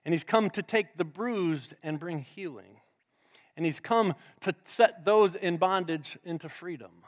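A male pastor preaching a sermon to a live congregation, dramatic, swinging between loud emphasis and hushed asides. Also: sits high, a little slow. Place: church sanctuary with a live congregation. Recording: long church hall reverb.

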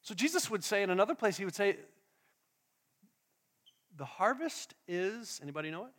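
A man's voice: high voice, sing-song, normal speed, a bit bright. A man preaching a sermon as a pastor, drawing in the congregation with questions and call-and-response. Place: church hall. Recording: long hall reverb.

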